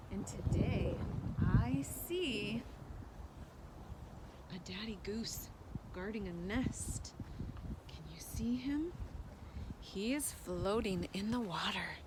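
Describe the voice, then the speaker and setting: A woman leading a preschool storytime walk outdoors, talking gently to small children in a sing-song way. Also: medium pitch, noisy background. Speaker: children's storytime and hike leader. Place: outdoors on a wooded trail by water.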